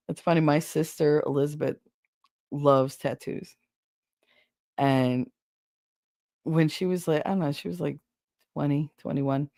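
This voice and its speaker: A woman's voice: low voice, a little mellow, no room sound. A woman hosting a casual podcast, telling stories bluntly with plenty of swearing and frequent laughter. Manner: blunt, profane, laughs and snorts often. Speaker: podcast host. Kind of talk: casual storytelling chat.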